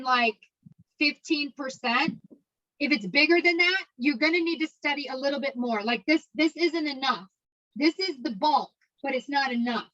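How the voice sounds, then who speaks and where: A high, bright-voiced American woman runs an exam prep class at a brisk, energetic clip. She drills key points by repeating them and throws in memory tricks. The recording sounds a little dull and lo-fi. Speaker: insurance exam prep instructor.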